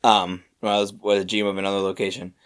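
A young man co-hosting a podcast, telling work stories in a rambling, animated way with lots of fillers and restarts. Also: deep voice, quick pace, clean tone. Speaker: podcast co-host. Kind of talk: casual storytelling chat.

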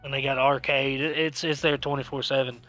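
A man's voice: medium pitch, little pitch movement, a little fast, sharp tone, faint music behind. A man telling long, rambling stories in casual chat, swearing freely as he goes. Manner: profane, rambling storyteller. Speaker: podcast co-host telling stories.

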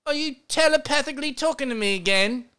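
A woman's voice: sits high, lively intonation, fast, pushed and bright. A woman playing an insecure, defensive young man lost in a forest, in a wavering put-on British accent.

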